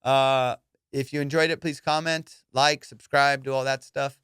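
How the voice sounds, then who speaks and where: A man's voice: medium pitch, moderate pace, clear, resonant tone, no echo, clean studio sound. A man hosting a podcast, telling a wild story in casual chat, swearing freely and acting out his friends' lines. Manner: profane, animated storyteller who acts out friends' lines. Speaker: podcast host.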